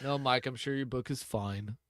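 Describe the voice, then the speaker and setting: Man, middle-aged, podcast host, casual chat, rambling, self-interrupting, mid pitch, dry sound. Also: moderate pace, fairly bright tone, no echo.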